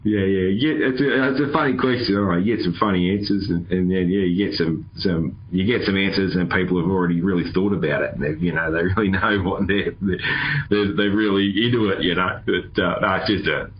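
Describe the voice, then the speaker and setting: A man's voice: low-pitched, fairly quick, dull audio. Laid-back man hosting a podcast. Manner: easygoing, laughs often, rambling with fillers. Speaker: podcast host. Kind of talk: casual interview chat.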